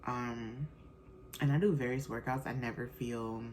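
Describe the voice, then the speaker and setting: A woman's voice: rumbling low, steady tone, a little slow, a little mellow, a little hiss or hum, poor audio. A woman in her thirties hosting her own podcast, talking casually with lots of fillers and slang. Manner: chatty and loose, frequent fillers and slang. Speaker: podcast host. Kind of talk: casual chat.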